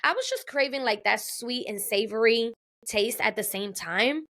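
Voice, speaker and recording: Chatty woman with a gravelly voice. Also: a little high, animated, normal speed, a bit bright. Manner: chatty storytelling, repeats phrases for emphasis. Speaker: podcast host. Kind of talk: casual solo podcast monologue.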